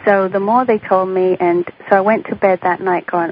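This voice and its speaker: A middle-aged woman, a guest in an interview, telling a personal story in an animated way and acting out the voices she quotes. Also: medium pitch, normal speed, hardly any pauses. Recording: dull radio recording, faint hiss.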